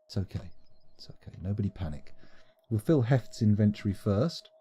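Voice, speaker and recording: A man's voice: lowish voice, animated, normal speed, warm tone, breathy edge. A man giving playful, rambling, self-mocking commentary while streaming a game live.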